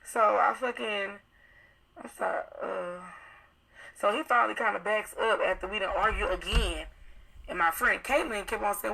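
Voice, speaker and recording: Gravelly young woman retelling a night out. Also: medium pitch, sharp tone, poor audio. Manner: profane, rapid storytelling acting out quoted dialogue. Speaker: witness telling her account. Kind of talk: casual recounting on live video.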